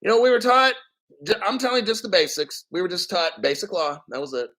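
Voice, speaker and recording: A man's voice: high-pitched, expressive, fast, a bit bright, poor audio. A man in his fifties hosting a crypto news livestream, ranting in a profane, sarcastic way. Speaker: crypto news show host.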